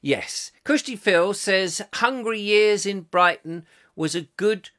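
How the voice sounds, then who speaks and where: A man's voice: sits high, slow, pushed and bright. A man from England hosting a comic live chat show, reading out viewer comments and rambling off into jokes. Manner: rambling, jokey, slips into silly voices. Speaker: host.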